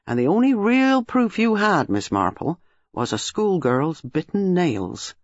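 A man's voice: sits high, sing-song, a little slow, no room sound, dull audio, exaggerated voice. A man reading an audiobook, voicing a blunt middle-aged police superintendent in a firm, emphatic way.

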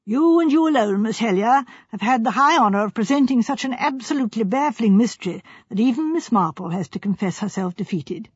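A woman reading the part of a courteous older gentleman who speaks in a grave, formal, ironic way. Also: on the high side, animated, fairly quick, hardly any pauses, slightly rough, no room sound. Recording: slightly dull, dry recording.

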